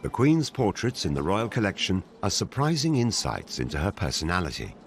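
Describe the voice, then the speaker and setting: Deep-voiced male documentary narrator. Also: huge pitch swings, slight background noise. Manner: measured, dramatic documentary delivery. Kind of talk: scripted narration. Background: music.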